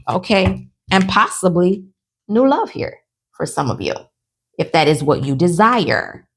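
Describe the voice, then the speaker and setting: A woman's voice: mid-range voice, slight background noise. A woman from New Orleans giving a casual tarot reading at home to her viewers. She is chatty and encouraging, often tags her lines with "okay?" or "right?", and laughs often. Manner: animated, with frequent laughter. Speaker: tarot reader.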